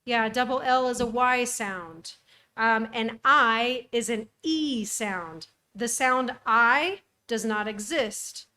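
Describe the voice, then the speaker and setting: A young woman with a bright, lifted voice, talking easily as a podcast co-host. She chats casually, dropping lots of ums as she explains things. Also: on the high side, slow. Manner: chatty, frequent ums. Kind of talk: casual chat.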